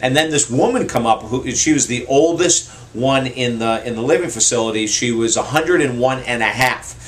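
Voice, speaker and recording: A man's voice: mid-range voice, moderate pace. A man giving a motivational message to camera, telling personal stories in an earnest, heartfelt way and repeating key points for emphasis. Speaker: motivational speaker.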